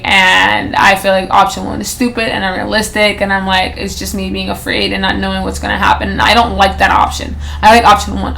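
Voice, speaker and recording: A woman in her twenties hosts a solo podcast in a mid-range, fairly bright voice. She talks casually and rambles, often restarting and correcting herself, with plenty of "like" and "you know." The recording is low quality, with slight background noise.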